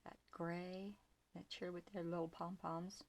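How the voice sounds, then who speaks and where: An older woman talks slowly and homely about the ribbons she sells, in a lowish voice. She often trails off into a near whisper as she handles things. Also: little pitch movement. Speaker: small shop owner showing ribbons. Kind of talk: casual product show-and-tell.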